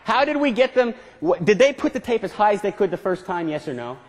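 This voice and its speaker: A fairly high-pitched man delivers a motivational seminar to a live audience, joking around and firing questions back at the room. His voice rings out with a long reverb tail from the lecture hall. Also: big pitch swings, brisk, background noise. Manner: playful, keeps quizzing the audience. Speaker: management consultant giving a seminar.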